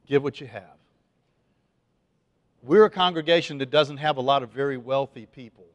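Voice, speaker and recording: A man in the pulpit delivering a folksy, conversational sermon, pitched a little higher than most men. He keeps talking straight to the congregation with asides and restarts. The sound is close and dry, with no room ring. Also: dry recording. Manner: chatty, folksy, lots of fillers and restarts. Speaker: pastor.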